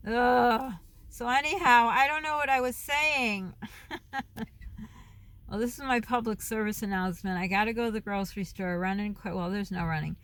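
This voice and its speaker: A woman's voice: mid-range voice, normal speed, a bit bright. Chatty, rambling middle-aged woman vlogger. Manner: rambling, loses her thread and veers off topic; chatty, with frequent laughs. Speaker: vlogger and mom. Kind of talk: casual chat to camera. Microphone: camera phone.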